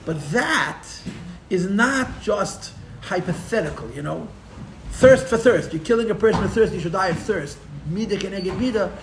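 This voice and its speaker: A man teaching a live Torah class as a rabbi, telling the story with animated, sarcastic humor and mixing in Hebrew and Yiddish terms. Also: sits high, moderate pace, gravelly, reverberant, background noise. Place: room for a live-streamed class.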